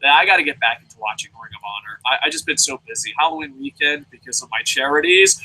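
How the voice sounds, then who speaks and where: A man's voice: mid-range voice, expressive, fast talker, hardly any pauses, pushed and bright, husky, low-quality recording. A young man hosting a casual live wrestling review, ranting profanely and rambling with goofy sound effects. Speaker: wrestling review show host.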